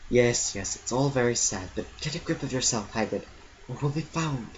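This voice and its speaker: A man's voice: medium pitch, lively intonation, moderate pace, a little hiss or hum, close to an everyday voice. A man voicing a stern older female professor who scolds in urgent whispers, on a dull lo-fi recording. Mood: scolding.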